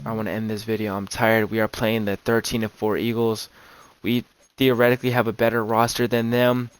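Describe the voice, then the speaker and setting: A young man calling his own football video game, nervous and excited, swearing and saying "man" and "bro" a lot. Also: medium pitch, a little hiss or hum. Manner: hyped, anxious play-by-play, swears, says "man" and "bro" a lot. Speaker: gaming YouTuber. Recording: game music playing loud underneath. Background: video game music.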